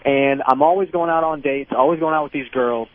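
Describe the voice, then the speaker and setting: A man's voice: fairly high pitch, fairly quick. A man calling in to a radio show, asking his question in a polite, casual way over a phone line. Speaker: caller. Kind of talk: call-in question.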